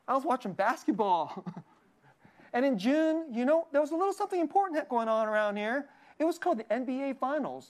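A woman preaching a sermon in a conversational, joking way, often laughing at herself and restarting her sentences. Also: medium pitch.

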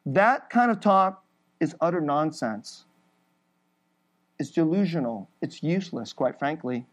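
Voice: medium pitch, expressive, measured pace. Emphatic preacher delivering a sermon. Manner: emphatic, with frequent short laughs between points; builds through repeated phrases.

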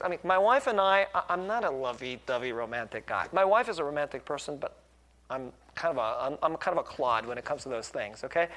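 This middle-aged pastor delivers a conversational sermon, poking fun at himself and often checking in with tag questions. His voice sits a little high and sounds fairly bright.

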